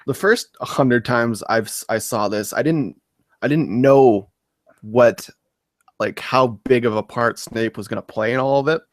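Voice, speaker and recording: A man's voice: mid-range voice, unhurried. A young man with a mid-range voice chats on a movie podcast in a laid-back, casual way, swearing as he goes. The sound is dry and close, with no room echo. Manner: laid-back, laughing, profane. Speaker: podcast co-host.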